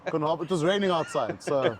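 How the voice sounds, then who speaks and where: A man's voice: a little high, expressive, fairly quick, slight background noise. A man from South Africa co-hosting a podcast, teasing and playful in casual banter. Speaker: podcast co-host. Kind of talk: casual chat.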